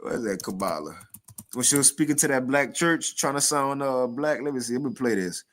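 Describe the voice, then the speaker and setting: A man's voice: medium pitch, a little fast, a bit bright. A man preaching in a casual, slangy way, talking conversationally and reading scripture aloud between his comments.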